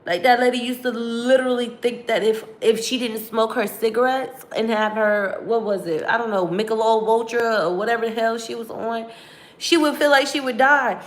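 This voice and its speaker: A woman's voice: fairly high pitch, moderate pace. Emotional woman vlogging a raw confession. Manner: candid, profane, rambling with restarts. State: emotional, on the edge of tears. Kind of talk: emotional confessional livestream talk.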